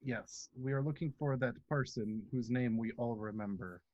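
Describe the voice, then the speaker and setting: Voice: medium pitch, normal speed, darkish tone, dry recording, lo-fi sound. A player chatting playfully at a tabletop game, laughing often. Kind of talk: casual chat at a game table.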